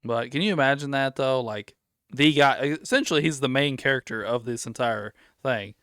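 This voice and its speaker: Guy rambling through a story on a podcast, smooth clear voice, dry sound. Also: mid-range voice, normal speed, fairly bright tone, no room sound. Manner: rambling storyteller, acts out quotes. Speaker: podcast host. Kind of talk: casual podcast chat.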